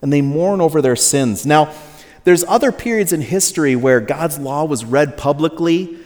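A man preaching in a church sanctuary, his fairly high voice carried by the long reverb of a large hall. He talks to the congregation in an easy, joking way. He acts out quotes in a still higher voice. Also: lively intonation, moderate pace, darkish tone. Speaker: pastor. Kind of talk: sermon.

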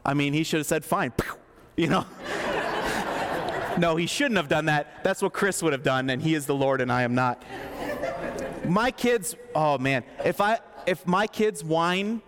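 High-voiced joking preacher in a reverberant hall. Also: male voice, measured pace, a crowd in the background, background noise. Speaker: pastor. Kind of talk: sermon.

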